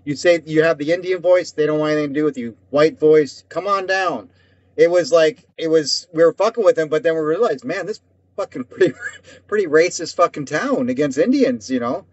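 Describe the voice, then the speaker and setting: A man, a co-host with a slightly raised voice, telling rambling profane stories. He drops into quick acted-out voices as he goes. The sound is dull and lo-fi, dry and close with no room around it. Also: fairly high pitch, a little mellow, dry recording. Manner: profane, rambling storyteller, acting out quoted voices. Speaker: podcast co-host. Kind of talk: casual chat.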